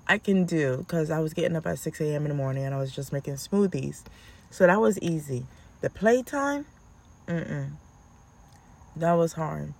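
Slow-talking mother telling stories. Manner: animated, acts out her own yelling in a high voice. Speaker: vlogger, mother of two. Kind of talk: casual storytelling vlog.

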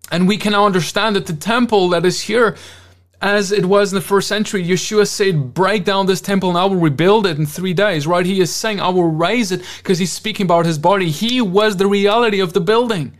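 High-voiced man preaching fervently. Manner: fervent preaching with repeated rhetorical questions; ends in spoken prayer. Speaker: conference speaker. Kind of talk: sermon.

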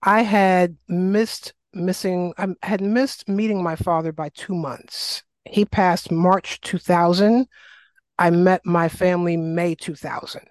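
Middle-aged woman from new york telling her story, lively, lots of ums, dry close sound. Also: on the low side, slow, dry recording. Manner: animated, acts out quoted voices, frequent fillers. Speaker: guest, wellness coach. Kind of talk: casual interview storytelling.

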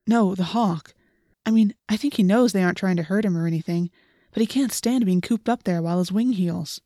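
A woman's voice: medium pitch, brisk, mellow, dry recording, clean studio sound, lightly acted. A woman voicing an eager, enthusiastic teenage boy who loves flying, in an audiobook reading. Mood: sad.

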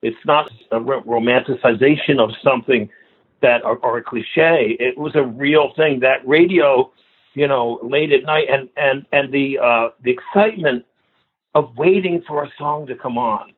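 Husky man on a tinny phone line. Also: mid-range voice, moderate pace. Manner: animated storyteller, laughs often. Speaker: guest musician. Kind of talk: casual interview chat.

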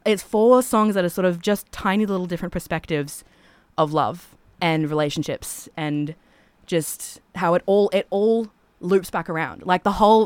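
A woman's voice: lowish voice, smooth, no echo. A woman, a singer who is a podcast guest, chatting casually and rambling, with many filler "like"s. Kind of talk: casual chat.

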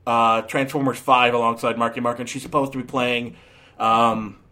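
A man's voice: mid-range voice, flat delivery, normal speed, pushed and bright. A man giving a casual, ranting movie review, sarcastic, with many fillers and restarts.

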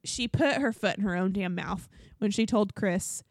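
A woman's voice: mid-range voice, moderate pace, no echo, clean studio sound. Chatty woman podcast co-host. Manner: chatty, lots of likes and ums, acts out quotes. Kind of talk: casual chat recapping reality TV.

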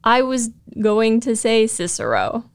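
A woman's voice: a little high, big pitch swings, a little slow, smooth. A woman co-hosting a casual podcast who chats in an easygoing way and reads recaps. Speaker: podcast co-host.

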